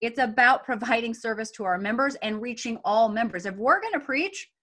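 A woman's voice: on the high side, animated, fairly quick, fairly bright tone. Emphatic woman hosting a panel. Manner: emphatic, pushes her point. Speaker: podcast host. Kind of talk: casual panel discussion.

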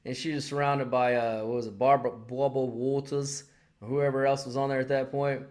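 A man's voice: medium pitch, brisk. A man around forty, a podcast co-host, telling stories in profane casual chat and acting out the people he quotes. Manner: animated storytelling, acting out quotes.

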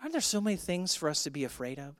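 A male pastor preaching a sermon. He swings between loud, emphatic declarations and hushed, intimate lines, and calls out to his congregation. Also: on the high side, very animated, racing, dry recording. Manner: addresses the congregation directly with call-and-response prompts. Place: church.

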